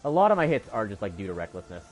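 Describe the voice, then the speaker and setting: Animated man rambling through gameplay. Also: lowish voice, very fast, faint music behind. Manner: animated, self-critical, rambling. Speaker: streamer. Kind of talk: live gameplay commentary.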